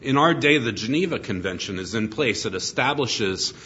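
A middle-aged man delivers an expository sermon in an earnest, emphatic way, leaning on rhetorical questions to draw his listeners in. His voice sits at an ordinary middle pitch. The recording is somewhat dull and lo-fi. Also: expressive, moderate pace, bright, forceful tone. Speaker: pastor.

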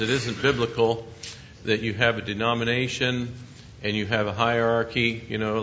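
A man teaching a Bible study with a bright, forceful tone, explaining scripture in a measured way. He sits a little low in pitch, and the recording is muffled and lo-fi, with a faint hiss behind him.

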